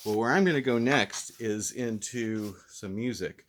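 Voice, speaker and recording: A man's voice: on the low side, measured pace, a little hiss or hum. A man hosting a casual vlog review who talks in a rambling, laid-back, self-deprecating way while mildly stoned. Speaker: host and reviewer.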